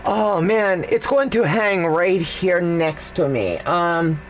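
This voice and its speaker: A woman's voice: fairly low pitch, animated, slow pace, slight background noise. A woman hosting a quilting livestream, thinking aloud in a chatty way and answering viewer questions as she sews. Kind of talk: casual live sewing demonstration.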